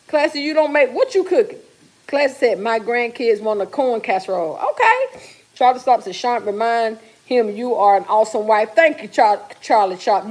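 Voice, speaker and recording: Casual kitchen livestream: a woman host with a somewhat high voice chats and teases viewers while she cooks. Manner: chatty, teasing, reads viewer comments aloud. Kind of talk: casual chat with live viewers. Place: home kitchen while cooking.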